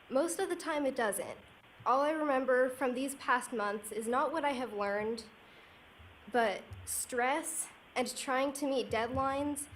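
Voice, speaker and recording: A young woman student reads a composed, prepared statement at a county meeting. Her voice sits somewhat high and stays measured. A faint hiss runs under the podium microphone. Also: poor audio. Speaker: student speaking at public comment. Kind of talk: prepared public speech. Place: county commission meeting room.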